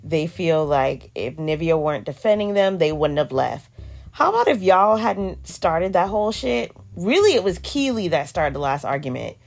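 A woman's voice: lowish voice, very animated, normal speed, vocal fry, darkish tone. A woman hosting a podcast, recapping an episode in a casual, sassy, slangy way with joking asides. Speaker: podcast host reviewing a reality show.

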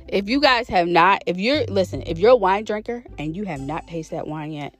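A chatty woman talks straight to her viewers in a relaxed vlog, stretching out her emphasis and bouncing between topics. Her voice sits a little low for a woman. Soft music plays faintly underneath. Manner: chatty, animated, drawn-out emphasis. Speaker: vlogger. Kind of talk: casual chat to viewers.

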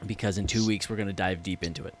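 A man co-hosting a podcast in casual chat, enthusiastic, swearing freely and trailing off as he gets excited. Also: deep voice, fast. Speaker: podcast co-host.

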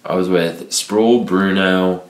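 A man's voice: sits low, slow. A young man from New Orleans, a podcast guest telling a story with lots of laughter and acted-out quotes. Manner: animated storyteller, laughs often, acts out quotes. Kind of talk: casual storytelling. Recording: echoey room with faint noise.

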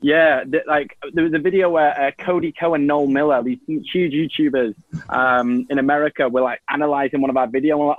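A man's voice: fairly high pitch, steady tone, a little fast, no room sound, phone-quality sound. A man with a Manchester accent, a guest on a talk show, telling stories casually with a rambling, filler-heavy delivery. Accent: Mancunian English. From Manchester, England. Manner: laid-back, rambling, lots of ums and repeated restarts. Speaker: guest, YouTuber. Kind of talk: casual conversational storytelling.

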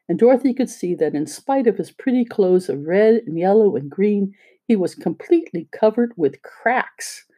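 Dark-toned storybook narrator. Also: medium pitch. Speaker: audiobook reader.

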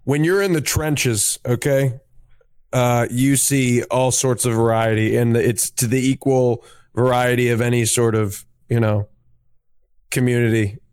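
A man's voice: medium pitch, fairly even intonation, unhurried, darkish tone, clear, resonant tone, no echo. A man speaking reflectively and earnestly in casual podcast talk. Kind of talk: casual chat.

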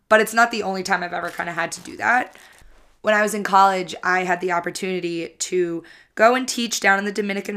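A woman's voice: fairly low pitch, fairly bright tone. A woman in her twenties hosting her own podcast, talking alone in an upbeat, chatty way and teasing herself now and then. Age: 20s. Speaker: podcast host. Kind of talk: solo podcast monologue.

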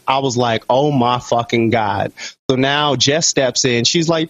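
A man co-hosting a podcast, telling a story in an animated, profane way and jumping into higher voices for the people he quotes. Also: unhurried, no echo. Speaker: podcast co-host. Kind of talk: comic storytelling. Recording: dull, dry lo-fi sound.

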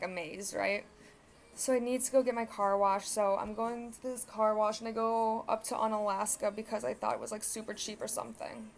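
A young woman hosting a solo podcast, rambling through casual stories with lots of filler words and swearing. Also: mid-range voice. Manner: self-correcting, conversational storytelling. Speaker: podcast host.

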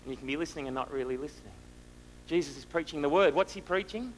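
Guy preaching, fairly high voice, lots of rhetorical questions, faint hum in the background. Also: fast talker, low-quality recording. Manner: rhetorical questions, shifting from loud to hushed. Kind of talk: sermon.

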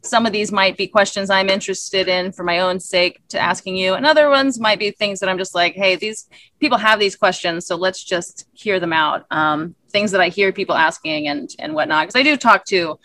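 A woman hosting a casual interview, chatty and quick to laugh. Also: medium pitch, bright, forceful tone, dry recording. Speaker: podcast host.

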